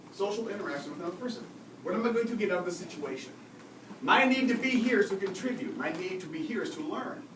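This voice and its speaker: A man giving a live seminar on behavior, lively and often asking the audience questions. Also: on the high side. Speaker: behavior and communication expert giving a talk. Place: lecture room at a faculty club. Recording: roomy, distant mic with audible noise.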